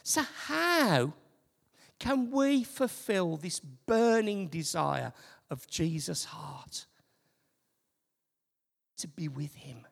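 Gravelly, lively man preaching in a hall. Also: high voice, extremely slow, pauses often. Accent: Birmingham. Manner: animated, swings from loud to soft near-whisper. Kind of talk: sermon. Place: church hall. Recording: reverberant hall.

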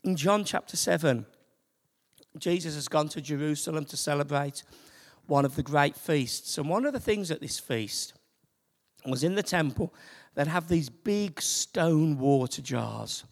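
Slow gravelly preacher in a reverberant hall. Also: medium pitch, expressive. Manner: slow, building to loud emphatic preaching. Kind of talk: sermon.

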